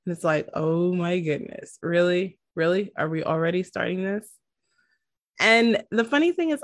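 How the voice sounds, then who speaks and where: A woman hosting a podcast in casual chat, animated, often laughing and making dramatic asides. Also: medium pitch, no room sound, clean studio sound. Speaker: podcast host.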